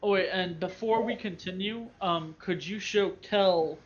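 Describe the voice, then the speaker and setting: A man talks casually as a player in a tabletop game, matter-of-fact and relaxed. His voice sits slightly high. The voice chat is muffled, with faint music behind it. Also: measured pace.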